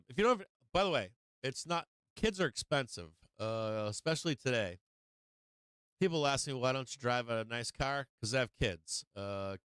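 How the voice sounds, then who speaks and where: Smooth-voiced man chatting on a live stream. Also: mid-range voice, fairly bright tone, dry recording. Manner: rambling, chatty, greets viewers by name with frequent "uh"s. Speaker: live-stream market show host. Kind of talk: casual live-stream chat. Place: home.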